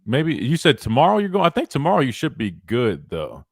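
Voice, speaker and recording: A man's voice: medium pitch, fairly quick, husky, no echo, clean studio sound. A young man hosting a live sports radio show, chatting casually and rambling with lots of restarts. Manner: rambling, animated, lots of restarts and "wait, hold on". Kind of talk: casual talk radio chat.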